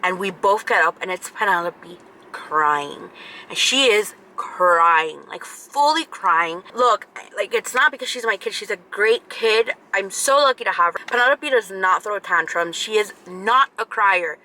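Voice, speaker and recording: A woman's voice: mid-range voice, unhurried, sharp tone, rough recording. A woman in her thirties, a vlogger telling a story casually to camera, chatty and repeating herself for emphasis.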